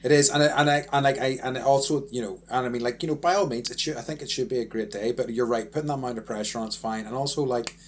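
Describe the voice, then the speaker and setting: A man's voice: mid-range voice, quick pace, hardly any pauses, slight background noise. A man chatting on a podcast as co-host, rambling with lots of fillers and restarts. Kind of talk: casual chat.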